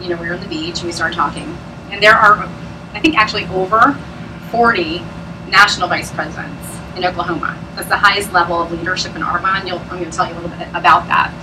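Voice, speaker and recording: A woman's voice: medium pitch, far from the mic, background noise. A woman presenting at a business opportunity meeting, chatty and bubbly, often laughing as she talks to a live audience. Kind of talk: sales pitch talk to a live audience.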